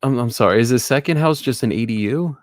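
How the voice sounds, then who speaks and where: A man making an offer on a property by phone, polite and brisk, asking one follow-up question after another. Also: mid-range voice, no room sound, studio quality. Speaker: real estate investor making offers. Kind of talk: live-streamed phone negotiation.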